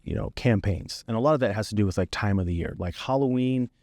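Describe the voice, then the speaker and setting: A man, a videographer guest, telling stories of his work in a relaxed, conversational way on a podcast. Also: lowish voice, fast talker, gravelly, dry recording, clean studio sound. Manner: relaxed storytelling, easy and conversational. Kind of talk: casual podcast chat.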